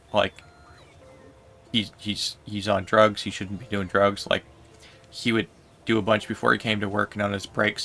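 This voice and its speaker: Slow, gravelly-voiced male streamer. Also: on the low side, bright, forceful tone. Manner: rambling, filler-heavy, unhurried. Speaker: livestreamer. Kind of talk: casual storytelling while gaming.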